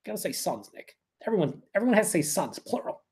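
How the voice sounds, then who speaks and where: A man doing a live beer review, talking excitably and swearing a lot as he reacts to each sip. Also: sits high, racing. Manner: excitable, profane, emphatic.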